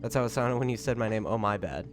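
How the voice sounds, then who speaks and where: A young adult man streaming live, chatting casually and greeting viewers by name, recovering from a cold, with loud excited bursts when he thanks people. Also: on the low side, fast talker, soft background music.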